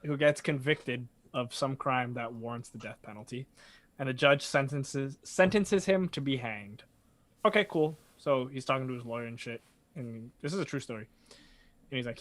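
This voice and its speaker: Swearing, animated storyteller man. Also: medium pitch, moderate pace. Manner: animated, swears a lot, acts out voices in stories. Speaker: podcast co-host. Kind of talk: casual storytelling.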